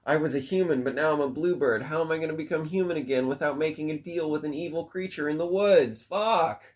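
Cartoon bluebird, female, frantic and foul-mouthed, high and quick, put on by a man retelling the story. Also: close to an everyday voice. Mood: exasperated. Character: panicked cursing female bluebird.

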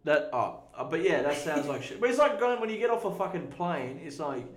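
A man's voice: fairly high pitch, big pitch swings, fairly quick. A man hosting a podcast in casual chat, laid-back and crude, swearing freely as he tells stories. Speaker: podcast host. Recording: echoey room.

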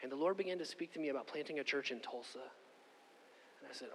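A man's voice: fairly high pitch, fast. Man preaching in an echoing hall. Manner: conversational, animated, says "okay?" and "like" often. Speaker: pastor. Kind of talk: sermon with personal story. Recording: long hall reverb.

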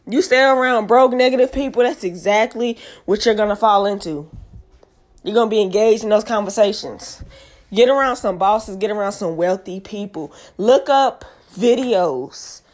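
A woman hosting her own podcast, a mother, talking in a forceful, preachy motivational monologue and repeating lines for emphasis. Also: mid-range voice, normal speed. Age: adult with kids. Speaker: podcast host.

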